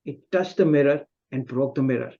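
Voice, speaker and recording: A man giving a humorous, self-mocking personal story speech at a club meeting over a video call, pausing and restarting often. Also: medium pitch, lo-fi sound. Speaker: club speaker.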